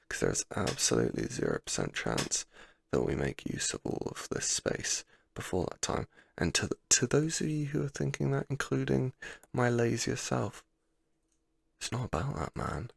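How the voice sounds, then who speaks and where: A man rambling through a self-deprecating story in a soft, sleepy gameplay commentary, sometimes dropping to a near-whisper. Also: mid-range voice, very animated, moderate pace, gravelly, slightly rough, no echo, studio quality. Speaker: gaming channel host.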